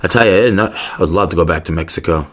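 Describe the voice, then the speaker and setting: A man's voice: deep voice, quick pace. A man hosting a podcast, telling a rambling, profane story in a casual rant. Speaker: podcast host.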